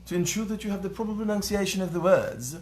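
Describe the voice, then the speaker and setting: A man voicing a prim, proper-spoken English news critic with careful, formal enunciation and a measured, pompous newsreader delivery. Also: sits high, lively intonation, darkish tone, a little hiss or hum, voice pushed up.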